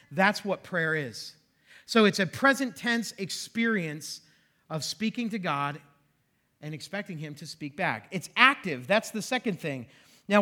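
A man preaching in a church, his voice high and bright. He teaches in a conversational way, slipping in self-deprecating jokes and asides to the congregation. The delivery stays friendly and informal. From western Pennsylvania. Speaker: pastor. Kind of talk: sermon. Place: church sanctuary.

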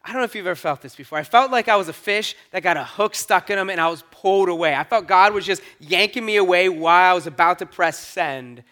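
A pastor tells a story from his own life in sermon style, animated and acting out each quote. His voice sits high for a man. The tone is bright and forceful. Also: fast talker, hardly any pauses. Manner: animated, acts out quoted lines with rising energy.

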